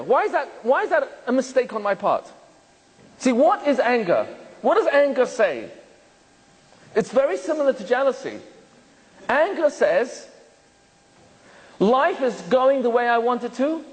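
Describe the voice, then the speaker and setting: A rabbi giving a lecture to an audience, asking them many questions and joking with the room. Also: male voice, very high voice, slightly rough, big-room sound, poor audio. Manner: jokes and laughs with the room.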